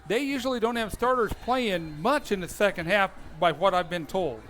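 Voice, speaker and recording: A man giving chatty, folksy color commentary on a live high school football radio broadcast, breaking into bursts of enthusiasm. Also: normal speed, a bit bright.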